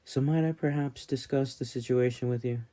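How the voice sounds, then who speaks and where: A man's voice: medium pitch, steady tone, moderate pace, mellow, pitched above the performer's own voice, natural voice. A man voicing a shrewd young travelling merchant in an audiobook, speaking in a hesitant, defensive way. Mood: flustered.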